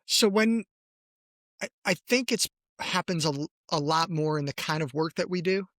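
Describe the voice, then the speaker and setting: A man co-hosting a podcast as a designer, speaking in a measured, thoughtful, slightly hesitant way. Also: fairly high pitch, fairly bright tone, no room sound, clean studio sound. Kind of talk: casual chat.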